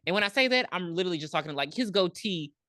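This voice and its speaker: A woman's voice: fairly low pitch, fast, no room sound, clean studio sound. A woman co-hosting a podcast, recapping a movie in casual chat and acting out the characters with lots of ums. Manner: animated storytelling, acts out characters, frequent ums. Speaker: podcast co-host.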